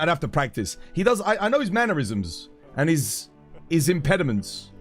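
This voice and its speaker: A male game streamer with a high, bouncy voice chats playfully with his viewers and giggles at the requests. Faint game music plays under him. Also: sing-song, a little fast. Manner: playful, giggly, reacting to chat. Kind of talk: casual live-stream chat.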